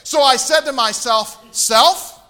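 A middle-aged man from Tennessee preaching a sermon, telling a funny personal story and swinging from quiet asides to loud, emphatic bursts. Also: high voice, lively intonation, brisk.

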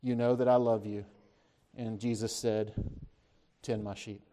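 A man preaching a sermon, retelling scripture as a story, asking his listeners questions and lifting his voice when he speaks the disciples' lines. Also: a little slow. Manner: animated storytelling, voices the disciples' words with rising pitch; conversational, asks the listeners questions.

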